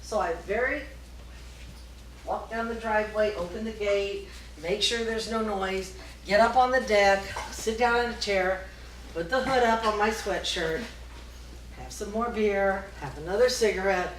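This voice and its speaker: A middle-aged woman performing a storytelling comedy set, often laughing at her own story and shouting out other people's lines. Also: mid-range voice, unhurried. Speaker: stand-up comedian. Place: small live music venue. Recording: echoey room, distant mic, faint noise.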